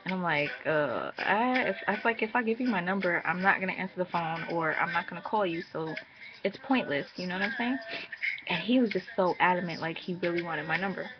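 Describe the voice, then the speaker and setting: A young woman telling a story in a casual vlog, chatty and animated, laughing and jumping high when exasperated. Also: brisk, crowd noise. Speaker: vlogger. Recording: muffled with music playing behind.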